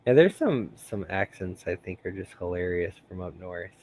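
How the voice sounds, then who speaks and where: Male stream host, low voice, rambling and laughing, many ums. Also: animated, moderate pace, darkish tone. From United States. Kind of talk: casual live-stream chat.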